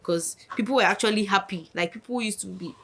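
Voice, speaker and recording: A young woman, a podcast guest telling a lively story and acting out what others said. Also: medium pitch, fairly quick, breathy edge. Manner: animated, acts out quotes of others. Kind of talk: casual storytelling.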